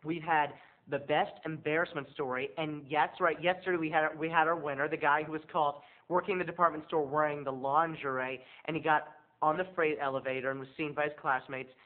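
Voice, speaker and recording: A man, a video blogger, telling a comic story to his viewers in an animated, theatrical way. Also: a little high, fairly quick. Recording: tinny phone-like sound.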